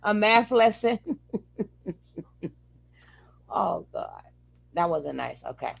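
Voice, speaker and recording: A woman's voice: medium pitch, sing-song, takes it slowly, creaky, a little hiss or hum. A woman hosting a reaction video, giving wry, teasing commentary and laughing at her own jokes.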